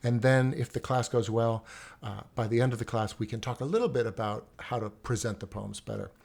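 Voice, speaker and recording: A man who teaches poetry, telling stories in conversation in an animated way, often repeating words and restarting his sentences. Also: mid-range voice, brisk, vocal fry. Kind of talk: storytelling in conversation.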